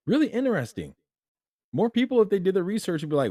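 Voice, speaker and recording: A young man hosting a solo opinion commentary, talking animatedly and jumping to emphatic highs as he acts out imagined people. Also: sing-song, fast, warm tone, no room sound, studio quality. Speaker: host.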